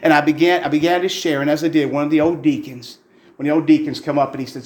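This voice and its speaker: A man's voice: a little high, fairly even intonation, quick pace, darkish tone, echoey room. A man preaching a fervent, folksy testimony sermon in a church, repeating his phrases for emphasis.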